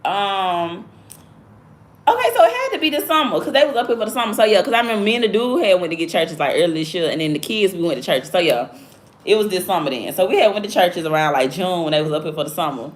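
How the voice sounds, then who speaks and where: Blunt, low-voiced Southern woman chatting. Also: lively intonation, fast talker. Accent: Southern US (Alabama). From Alabama, USA. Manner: blunt, slangy and chatty, drifting between stories. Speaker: livestream host. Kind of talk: casual livestream chat.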